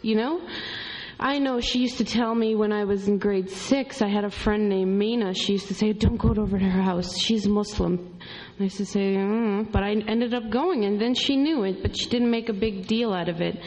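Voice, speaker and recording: Woman, personal testimony, rambling conversational storytelling, mid-pitched voice, long hall reverb. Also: normal speed, darkish tone. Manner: rambling, conversational storytelling with many "you know"s. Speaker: convert sharing her story.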